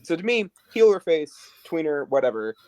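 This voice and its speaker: A man co-hosting a podcast in casual chat, animated and full of fillers. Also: a little high, normal speed, no room sound. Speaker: podcast co-host.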